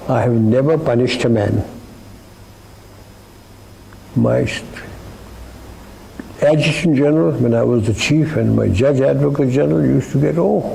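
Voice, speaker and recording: A man's voice: medium pitch, gravelly, dark tone, slight background noise, rough recording. An older man with an Indian English accent telling witty, dry anecdotes from his army career in an interview, acting out the people in his stories.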